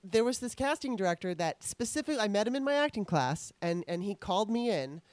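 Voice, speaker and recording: A woman's voice: mid-range voice, very animated, fast talker, a little mellow, no room sound. A middle-aged woman interviewer telling candid stories in a rambling, restarting way. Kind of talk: casual interview storytelling.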